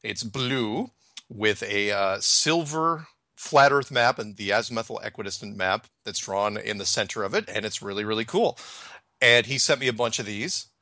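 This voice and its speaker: A man hosting a podcast chats casually and rambles, halting and restarting his sentences. His voice sits slightly low with a bright, forward edge. The recording is close and dry. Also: no room sound. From Washington state, United States. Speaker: podcast host.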